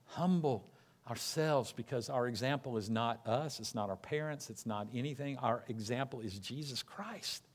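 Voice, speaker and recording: A man preaching a sermon, telling stories in a lively, conversational way and slipping into quick voices for the people in them. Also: mid-range voice. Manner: animated storytelling, acting out characters in quick asides. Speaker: pastor.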